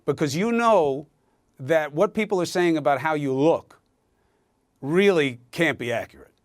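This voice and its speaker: Male TV news host, mock-sympathetic and needling, slightly high voice, dry close sound. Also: expressive, unhurried, dry recording. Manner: needling, mock-sympathetic, drops to a soft low voice. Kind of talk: TV interview banter.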